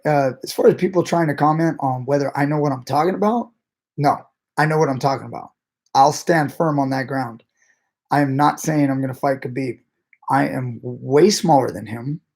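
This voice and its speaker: A man's voice: medium pitch, a little mellow. A man, a grappling coach, chatting casually as he answers viewer messages, blunt and swearing freely, often laughing.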